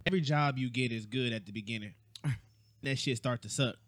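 A man's voice: mid-range voice, brisk, fairly bright tone, dry recording. Male podcast co-host, playful and joking, casual banter, dry close mic. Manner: playful, jokey, puts on silly voices. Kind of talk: casual chat.

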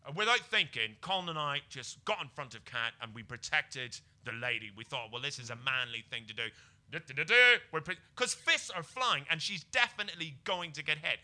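A British man, a comedian guest, telling a comic story on a podcast, jumping between quiet mutters and excited bursts. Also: a little fast. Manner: animated, swings from low mutters to excited bursts.

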